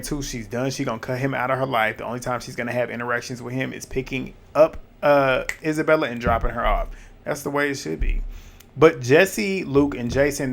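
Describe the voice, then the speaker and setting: A man giving casual reality TV recap commentary in an animated, blunt way, swearing and laughing at what happened. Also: medium pitch.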